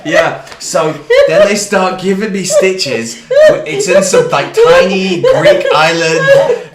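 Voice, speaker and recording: A man's voice: high-pitched, takes it slowly. A man chatting on a livestream, telling a story and laughing often as he goes. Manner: animated anecdote-teller, laughs through his own story. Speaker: livestream host. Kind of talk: casual chat, storytelling. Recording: roomy echo with faint background hiss.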